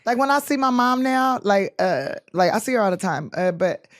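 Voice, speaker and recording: Woman guest, animated storyteller, mid pitch, dry close studio sound. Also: moderate pace, no room sound. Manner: animated storyteller acting out quoted voices. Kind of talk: storytelling interview.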